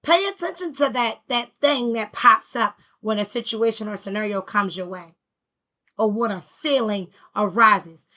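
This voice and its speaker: A woman speaks in a bright, forceful voice pitched a little high. She gives a casual spiritual talk, stressing her points through emphatic repetition and slangy, conversational phrasing. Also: a little slow. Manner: emphatic, repetitive, preacher-like rhythm. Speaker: spiritual healing vlogger.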